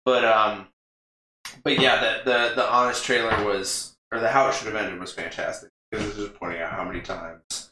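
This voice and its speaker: A rambling, laugh-prone man co-hosting a podcast, recounting a film in loose casual chat with a bright, forceful tone. His voice rings around a very echoey room, and he swears freely as he goes. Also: on the low side, steady tone, moderate pace, slight background noise. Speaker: podcast co-host. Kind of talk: casual movie recap chat.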